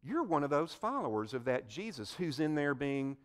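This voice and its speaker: A man's voice: fairly high pitch, sing-song, normal speed. A preacher voicing an insistent accusing servant girl. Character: accusing young servant woman.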